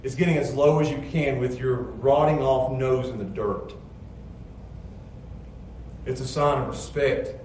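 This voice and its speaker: A man preaching a sermon, moving between quiet, low storytelling and loud, emphatic passages. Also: slight background noise. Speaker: pastor. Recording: echoey church sound from a distance.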